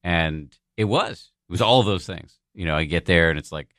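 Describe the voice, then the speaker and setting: A man's voice: deep voice, moderate pace, a bit bright, dry recording, clean studio sound. A man guesting on a podcast, telling a personal story in a candid, self-deprecating way with the odd swear word. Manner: frank and profane, self-deprecating.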